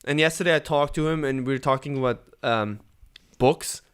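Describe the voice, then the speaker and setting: A stand-up comedian co-hosting a casual podcast, talking in an animated way and often restarting his sentences. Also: medium pitch, a little fast, clear, resonant tone. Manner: chatty, animated, frequent restarts.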